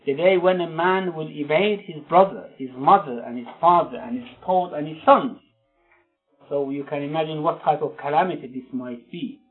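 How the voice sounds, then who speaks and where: A man delivers an earnest sermon in a somewhat high voice, reading out scripture and then unpacking it with pauses and fillers. The sound is thin and tinny, like a phone line, with soft music underneath. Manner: earnest, recites verses then explains them with frequent pauses. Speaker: religious lecturer.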